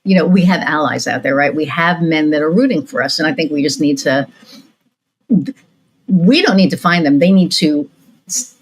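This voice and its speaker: Low-voiced woman telling stories in a ramble. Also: normal speed, husky, poor audio. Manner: rambling storytelling with many fillers and restarts. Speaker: podcast host. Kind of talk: casual interview chat.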